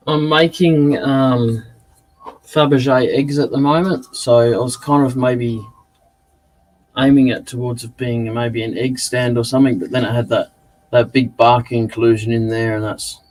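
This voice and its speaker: A man's voice: mid-range voice, a little mellow, poor audio. An Australian man hosting a woodworking livestream, chatting casually and rambling with fillers while he works. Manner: laid-back, rambling with fillers. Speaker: woodturning livestream host. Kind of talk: casual chat while working. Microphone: desk mic, caller heard on speakers.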